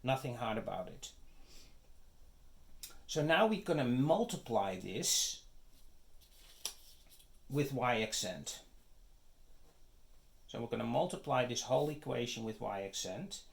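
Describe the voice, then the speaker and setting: A man's voice: medium pitch, animated, slow, vocal fry, long pauses. A man giving a math lecture, working through the steps one at a time and often checking in with "okay?" and "right?". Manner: methodical, step-by-step, frequent "okay?" checks. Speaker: teacher.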